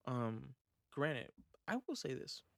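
Man, podcast host, mid pitch, loose rambling talk, swears freely, very dry close sound. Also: very animated, takes it slowly, gravelly, fairly bright tone, no room sound. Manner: rambling, swears, trails off into fillers. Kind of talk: casual chat.

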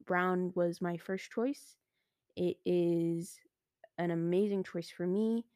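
A teenage girl hosting her own podcast, talking casually and excitedly with lots of "like" and "I was like", recorded close and dry. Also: fairly low pitch, slow pace, clean tone, dry recording. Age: teens. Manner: chatty and excitable, heavy use of "like" and "I was like". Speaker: podcast host. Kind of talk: casual solo podcast monologue.

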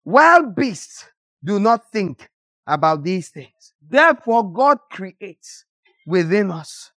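Fiery, scolding preacher with a lively voice. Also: medium pitch, slow pace, dry recording. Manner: impassioned, scolding, with sudden shouted bursts. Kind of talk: sermon.

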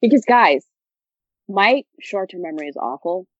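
A young woman co-hosts a podcast, chatting casually in a laid-back, joking way and swearing freely. Her mid-range voice is expressive at a normal speed, and the dry, echo-free recording sounds dull and lo-fi.

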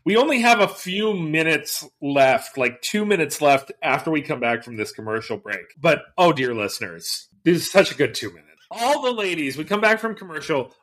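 A man's voice: on the high side, lively intonation, normal speed, hardly any pauses, fairly bright tone. A man co-hosting a podcast, chatting casually as he recaps an episode and acts out quotes in bursts. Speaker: podcast co-host.

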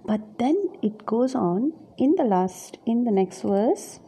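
A woman's voice: fairly high pitch, expressive, slow, dark tone, breathy edge. A woman preaching a reflective sermon on scripture, musing aloud and often searching for her words.

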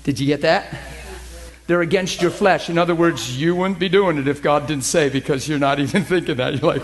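A man's voice: high-pitched, moderate pace, slight background noise. A man teaching a class in sermon style, telling personal stories animatedly, laughing often and checking if listeners follow. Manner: emphatic, asks listeners questions.

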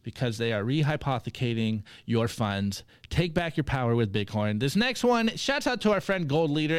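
A man co-hosting a casual podcast, upbeat as he reads out memes and gives shout-outs. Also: a little high, smooth, no echo. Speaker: co-host presenting the meme segment.

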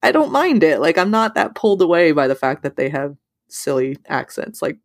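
A woman co-hosting a podcast, chatting casually about a film, with lots of "like" fillers and big pitch leaps when she quotes her own thoughts. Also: very animated, normal speed, no echo, clean studio sound. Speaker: podcast co-host. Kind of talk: casual movie discussion.

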